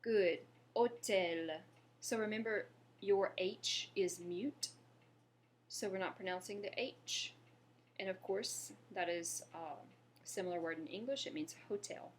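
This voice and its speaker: A woman giving an online French lesson, patiently modeling words and pausing for the listener to repeat them. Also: medium pitch, slight background noise. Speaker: French teacher.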